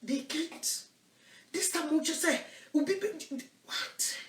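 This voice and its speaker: A Ghanaian woman evangelist with a Ghanaian accent, preaching in a self-recorded monologue, emphatic and swinging between loud declarations and low asides. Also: a little slow, reverberant, far from the mic.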